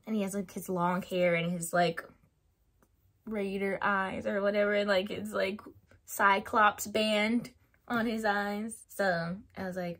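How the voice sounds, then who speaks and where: A woman giving her opinions in a casual vlog, chatty and animated, laughing often and filling her talk with "like". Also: mid-range voice, a little slow. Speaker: YouTuber reviewing a TV show.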